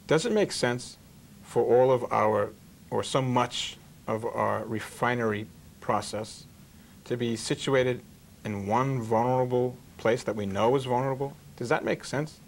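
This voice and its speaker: A man who is a rabbi leads a television talk show, speaking in a warm storytelling cadence at an everyday pitch. His delivery is sermon-like, with folksy jokes and parables. A faint hum of ambience sits under his voice. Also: a little slow, vocal fry. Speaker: rabbi hosting an interview show.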